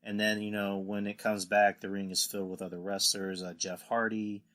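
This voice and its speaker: Bright-voiced man recapping wrestling. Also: lowish voice, little pitch movement, brisk. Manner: rambling recaps, acts out quotes in put-on voices. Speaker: podcast host. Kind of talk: casual wrestling podcast chat.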